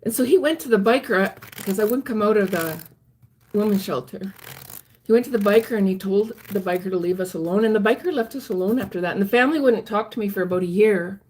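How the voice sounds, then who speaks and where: Woman haltingly telling her own story. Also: mid-range voice, a little mellow, a little hiss or hum. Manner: halting, earnest, many restarts. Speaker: vlogger recounting her life. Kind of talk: personal storytelling.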